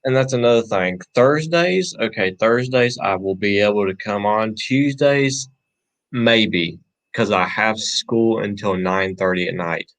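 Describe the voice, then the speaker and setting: A young man co-hosts a casual podcast with a fairly low voice. He is soft-spoken and keeps his answers short, often pausing on fillers. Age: young adult.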